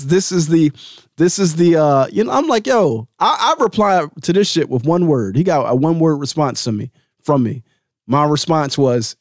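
A man's voice: no echo, clean studio sound. Heated, profane man ranting solo. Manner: drops to a low calm voice to settle himself. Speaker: host. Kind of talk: solo podcast rant.

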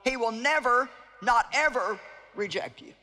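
A woman preaching an evangelistic sermon, earnest and pleading as she repeats her key phrases. Her voice is bright and forceful. It rings out with the long reverb of a large hall. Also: fairly high pitch, measured pace. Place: large hall with live audience.

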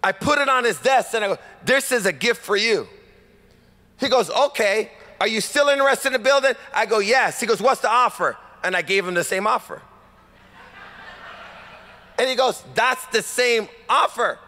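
High-voiced pastor in echoing hall. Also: male voice, moderate pace, long pauses. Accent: Californian. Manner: animated, acts out dialogue, rhetorical calls to congregation. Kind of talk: sermon storytelling. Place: church sanctuary. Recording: long hall reverb.

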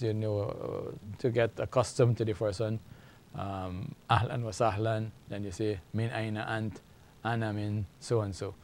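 Man, middle-aged, Arabic teacher, slow and repetitive classroom delivery. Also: mid-range voice, darkish tone. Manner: slow, repeats words for learners. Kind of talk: classroom language lesson.

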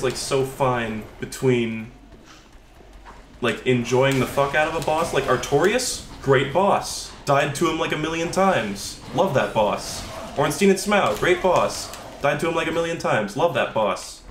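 Sarcastic, profane man yelling at a game. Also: medium pitch, measured pace, reverberant, slight background noise. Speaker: gaming streamer. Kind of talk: live gameplay commentary.

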